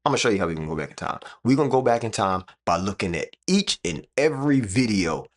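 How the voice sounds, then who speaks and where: A man's voice: on the low side, lively intonation, a little fast. A man streaming live from a room with his computers, talking straight to viewers in an emphatic, repetitive way. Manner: emphatic, repeats phrases, talks straight to chat.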